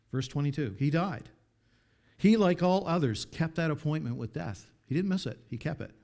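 A man preaching a sermon, reading scripture aloud and commenting, with dramatic swings from hushed pleas to loud appeals. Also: fairly high pitch.

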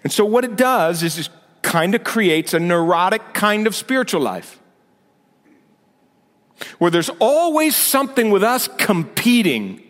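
A man's voice: sits high, fairly bright tone. A male senior pastor giving a conversational sermon with sarcastic asides, building to emphatic points. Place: church sanctuary. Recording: long reverb of a big hall.

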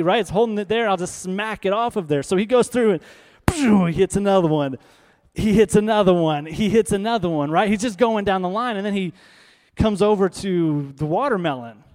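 Man preacher, animated storytelling sermon, higher-pitched voice, long hall reverb. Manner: animated, conversational, frequent "right?".

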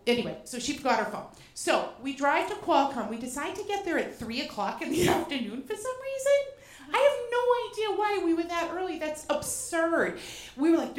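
Woman from Boston, high voice, animated, profane, self-mocking comic storytelling in a roomy, echoing venue. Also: moderate pace. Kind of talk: comedic personal storytelling. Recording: roomy echo.

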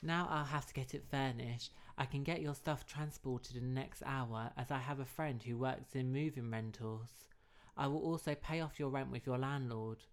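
A man voicing an obliging wealthy man buying a flat, in a plain read-aloud delivery. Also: mid-range voice, moderate pace, clean tone, lightly acted.

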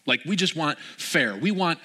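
A man in his thirties preaching a sermon in a lively way, acting out quoted people in changed voices. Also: fairly high pitch, moderate pace. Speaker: pastor.

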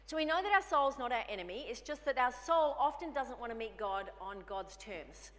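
A woman's voice: on the high side, expressive, a little fast, a bit bright, big-room sound. A woman preaching a sermon in a conversational way, often acting out little dialogues with herself. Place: church hall.

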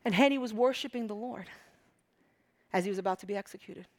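A woman from Egypt preaching a sermon with passion, dropping to hushed whispers and rising to loud emphatic peaks. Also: medium pitch, fast talker.

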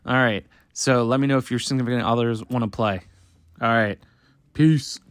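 A man co-hosting a podcast, joking loudly in casual chat. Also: mid-range voice, fairly even intonation, moderate pace, dry recording.

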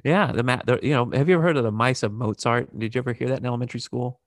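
Gravelly fast-talking man, casual host. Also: medium pitch, dry recording, studio quality. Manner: rambling, swears freely. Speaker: podcast host. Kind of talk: casual chat.

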